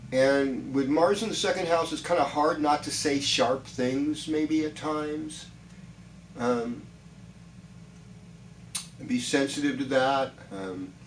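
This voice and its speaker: A man's voice: mid-range voice, reverberant, recorded from a distance, slight background noise, low-quality recording. A man giving a chatty, reassuring weekly horoscope talk, rambling with many restarts. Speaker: astrologer.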